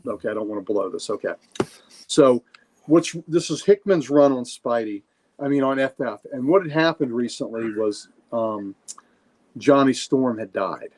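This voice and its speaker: A man's voice: medium pitch, lively intonation, moderate pace, darkish tone. Enthusiastic male podcast co-host. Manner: enthusiastic, storytelling, frequent fillers. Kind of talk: casual chat and storytelling.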